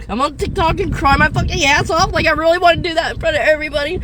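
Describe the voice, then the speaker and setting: A woman in her fifties with a very high voice breaks down in tears as she vents. Her speech is halting and full of swearing and nervous laughs. She is recorded on a phone in her parked car, with faint noise behind her. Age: 50s. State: crying and distressed. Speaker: rideshare and delivery driver. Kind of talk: tearful venting video. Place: parked car in a fast-food parking lot.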